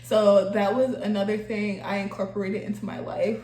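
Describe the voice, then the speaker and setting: A young woman talks casually while getting ready, laughing often and turning emotional, near tears. Her voice sits at a medium pitch. The recording has an echoey room sound. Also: level tone, normal speed, dark tone, a little hiss or hum. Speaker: vlogger. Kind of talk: casual get-ready-with-me chat.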